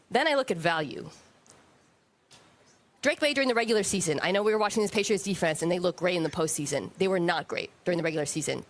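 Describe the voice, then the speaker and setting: A woman football analyst making a measured, point-by-point case built on statistics. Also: lowish voice. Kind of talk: broadcast sports analysis.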